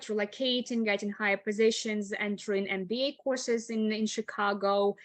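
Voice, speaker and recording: A woman's voice: medium pitch, a bit bright, no room sound. A woman English teacher giving a chatty online webinar lecture, often laughing and saying "like".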